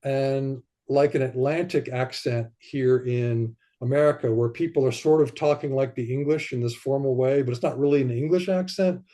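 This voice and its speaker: Mellow-voiced man, rambling and animated. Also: medium pitch, normal speed, few pauses. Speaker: podcast guest, writer. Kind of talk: casual conversation.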